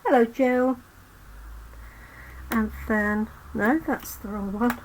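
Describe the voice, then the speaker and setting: Craft host, woman, losing her voice; slightly high, unhurried delivery. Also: fairly even intonation, background noise. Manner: chatty, talks to viewers while working. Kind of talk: live card-making demo.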